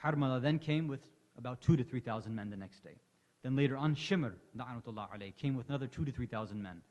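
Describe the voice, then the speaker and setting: A man's voice: mid-range voice, fast talker, a little mellow. A man delivering an impassioned Muharram sermon to a congregation, telling the story with rising emotion. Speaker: lecturer. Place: large hall at an Islamic center. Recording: long hall reverb.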